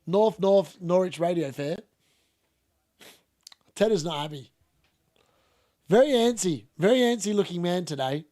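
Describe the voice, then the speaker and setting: A man's voice: high-pitched, lively intonation, moderate pace, long pauses, mellow, no room sound, clean studio sound. A young man streaming a live football watchalong, chatting casually, laughing and reading out chat. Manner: casual, chatty, laughs often, uses "mate".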